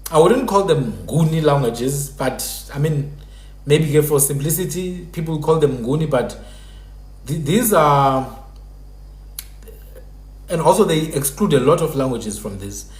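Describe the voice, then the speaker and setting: Man host, lecturing, fairly high voice, echoey room. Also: lively intonation, measured pace, pauses often, darkish tone. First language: Sephuthi. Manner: lecturing, repeats sounds to demonstrate speech patterns. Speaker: live stream host. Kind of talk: casual explanatory talk.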